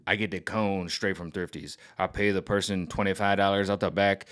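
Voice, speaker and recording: A man putting on the voice of a gruff, touchy dad who talks low and mumbles in street slang. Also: level tone, fairly quick, fairly bright tone. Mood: boastful.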